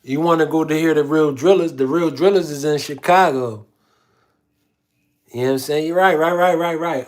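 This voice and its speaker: A man's voice: fairly high pitch, normal speed. A man hosting a casual livestream, reading viewer comments aloud in a slangy, laid-back way. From Philadelphia. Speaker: livestream host.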